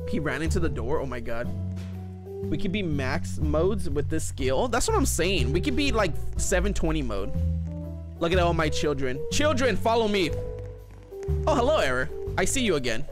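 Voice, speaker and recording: A man streaming a horror game live, excitably chatting with his viewers as he plays. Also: fairly high pitch, normal speed, over music. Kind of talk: live gameplay commentary.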